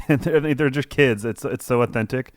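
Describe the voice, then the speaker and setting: A man's voice: mid-range voice, moderate pace, no room sound, clean studio sound. A young man co-hosting a film podcast, chatting loosely and rambling, laughing easily. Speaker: podcast co-host. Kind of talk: casual film review chat.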